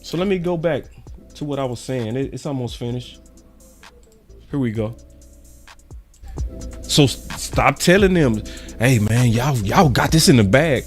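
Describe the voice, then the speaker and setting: A man hosting his own sports channel, delivering a slangy, emphatic fan monologue that repeats its points for weight. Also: medium pitch. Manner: emphatic and repetitive, slangy and preachy. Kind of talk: fired-up fan commentary monologue.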